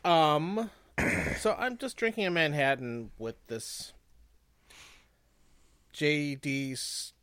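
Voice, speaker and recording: A man's voice: on the high side, slow, pauses often, a bit bright, smooth, no echo. Man, podcast co-host, casual rambling chat, restarts sentences. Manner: rambling, restarts often, easygoing.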